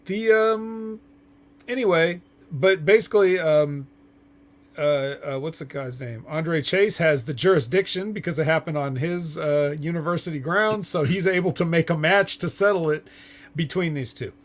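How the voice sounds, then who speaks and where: A man's voice: a little high, normal speed. A man co-hosting a casual podcast, recapping events in a hesitant way full of ums and uhs. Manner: hesitant, filler-heavy recapping. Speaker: co-host.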